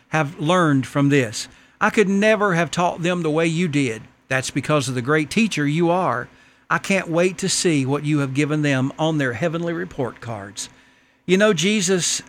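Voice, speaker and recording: A man's voice: on the high side, a bit bright. A man preaching a sermon, earnestly reading a letter and a story aloud to the congregation.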